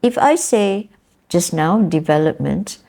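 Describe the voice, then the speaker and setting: Malaysian English woman lecturer, unhurried and patient, mellow low voice, keeps checking students follow. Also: gravelly. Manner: patient, repeats examples, checks understanding with tag questions. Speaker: university lecturer. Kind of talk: classroom lecture.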